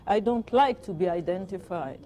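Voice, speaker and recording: An older woman with a French accent reminisces in an interview, telling anecdotes with gentle amusement. Her voice sits a little low and sounds soft and mellow. A faint hiss sits under the recording. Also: animated, moderate pace. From France. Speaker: guest, performer.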